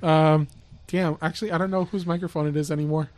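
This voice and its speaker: A man's voice: on the high side, steady tone, fast, a little mellow, no echo. A man co-hosting a podcast, joking and rambling with restarts in casual banter. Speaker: podcast co-host.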